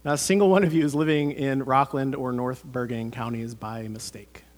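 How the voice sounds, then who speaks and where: A man's voice: medium pitch, fairly even intonation, normal speed. A man, preaching a sermon as pastor, earnest and conversational with many fillers.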